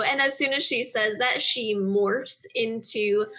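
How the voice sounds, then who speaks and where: A woman's voice: on the high side, slow pace, hardly any pauses, sharp tone. A woman describing her character's actions in a tabletop game, chatty and laughing often. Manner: chatty, laughing, lots of likes. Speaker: player. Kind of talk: casual tabletop game narration.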